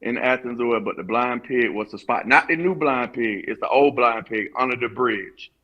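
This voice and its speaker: A man's voice: medium pitch, moderate pace, highs cut off. Male guest, ex-player, easygoing and friendly in conversation. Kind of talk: casual sports talk.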